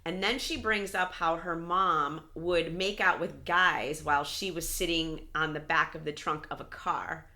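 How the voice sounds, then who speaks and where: A woman chatting casually as she recaps a show. Her voice is bright and sits a little low, and she acts out the quotes with energy and laughter. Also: measured pace, hardly any pauses. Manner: animated retelling, acts out quotes, laughs often. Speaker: podcast co-host recapping a reality show.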